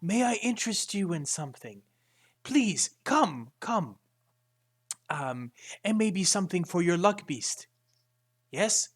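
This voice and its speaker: A man's voice: high-pitched, big pitch swings, slow, long pauses, slightly rough, voice pushed up, exaggerated voice. A man voicing an eager, pushy male merchant who coaxes customers with wheedling sales patter. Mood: coaxing.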